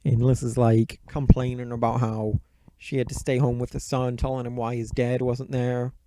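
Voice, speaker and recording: A man's voice: medium pitch, little pitch movement, moderate pace, mellow, no echo. A man casually recapping a movie plot in a rambling, profane, offhand way. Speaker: movie reviewer.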